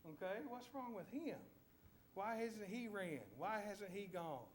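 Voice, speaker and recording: A man's voice: high-pitched, lively intonation, a little slow, slight background noise, voice pushed up. A man with a Southern US accent voicing a bewildered male lion, questioning aloud why a fearless man won't run. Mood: baffled. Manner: baffled, questioning.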